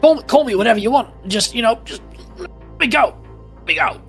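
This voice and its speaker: A man's voice: very high voice, expressive, normal speed, a bit bright, faint music behind, voice pushed up, full character voice. A man doing a whiny, panicky old gnome tinkerer. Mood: pained. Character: cowardly old male gnome tinkerer mayor.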